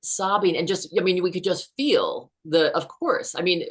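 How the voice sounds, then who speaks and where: A woman in her fifties with a notably low voice tells a personal story as a guest author. She speaks in an earnest, unhurried way. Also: expressive, breathy edge.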